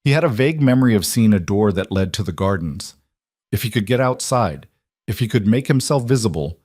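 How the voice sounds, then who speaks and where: Guy narrating a crime thriller, low voice, tense and measured, dry. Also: lively intonation, darkish tone, no room sound. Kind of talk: scripted audiobook narration.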